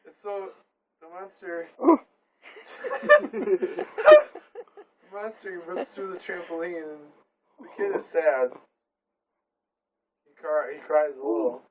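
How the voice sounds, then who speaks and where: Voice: mid-range voice, slow pace, pauses often, distant mic, background noise. Young adult rambling, giggling storyteller. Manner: giggly, rambling, self-correcting. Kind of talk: improvised comedy story among friends.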